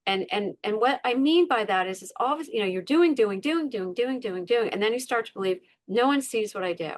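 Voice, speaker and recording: A woman's voice: fairly high pitch, lively intonation, a little fast. A middle-aged woman, a podcast guest, sharing a personal story in conversation with earnest emphasis, repeating words and acting out her inner voices.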